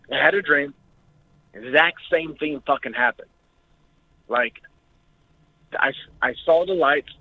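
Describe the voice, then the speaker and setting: A young man calling in to a talk show, telling his story in an emotional, jittery way and swearing often. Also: mid-range voice. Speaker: caller. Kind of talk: recounting an experience on a call-in show. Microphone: phone. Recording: tinny phone line.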